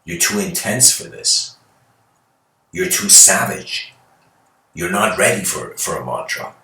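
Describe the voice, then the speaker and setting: A man voicing a calm, stern old male guru who refuses a pushy visitor, speaking slowly and firmly. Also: sits low, gravelly, full character voice. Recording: echoey room, mic at a distance.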